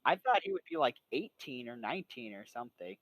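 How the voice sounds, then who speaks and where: A man's voice: medium pitch, big pitch swings, a little fast, fairly bright tone, no room sound, poor audio. A young man co-hosting a podcast in casual chat, rambling with lots of fillers. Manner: rambling, filler-heavy, bursts into silly voices. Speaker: podcast co-host.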